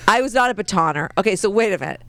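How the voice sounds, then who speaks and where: A middle-aged woman co-hosting a podcast, chatting casually with family as an animated, giggly storyteller. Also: medium pitch, racing. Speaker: podcast co-host.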